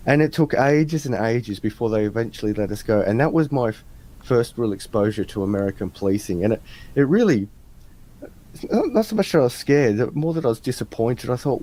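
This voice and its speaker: Mellow-voiced Australian man telling stories. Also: medium pitch, brisk. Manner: animated anecdote teller, acts out voices in stories. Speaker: interviewer. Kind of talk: casual storytelling chat. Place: home room with adjustable lights.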